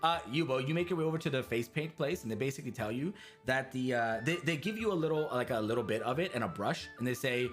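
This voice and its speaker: Animated laughing game master man. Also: medium pitch, soft background music. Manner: animated, laughing, quick restarts. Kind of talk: narrating a tabletop game.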